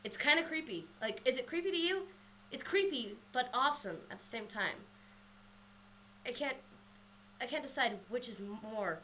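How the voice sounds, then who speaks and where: Telling a story on her webcam, a young woman rambles in a casual, animated way, swearing freely and sounding a little out of breath. Her voice sits high at normal speed with long pauses, captured by the built-in webcam mic with a little hiss or hum.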